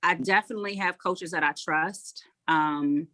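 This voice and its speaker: A woman's voice: lowish voice, a little slow. A woman, a head coach talking frankly in a casual interview and acting out what people said. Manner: frank, acts out quotes.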